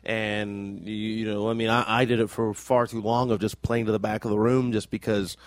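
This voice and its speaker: A man's voice: lowish voice, level tone, normal speed, no echo, clean studio sound. A man in a casual comedy chat who rambles and repeats words as he thinks. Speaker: comedian in the conversation.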